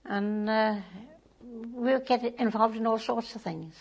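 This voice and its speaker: Older woman, creaky and husky. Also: a little high, fairly even intonation, takes it slowly, a little mellow. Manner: chatty, with fillers and tag phrases like "it is". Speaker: community volunteer and board member. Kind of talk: interview, casual recollection.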